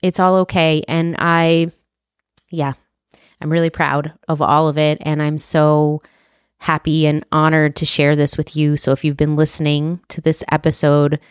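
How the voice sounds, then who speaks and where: A woman in her thirties hosting a solo podcast, talking earnestly and from the heart, with restarts and soft laughs. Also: sits low, little pitch movement, unhurried, clean tone, no room sound, clean studio sound. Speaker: podcast host. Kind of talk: reflective solo podcast monologue.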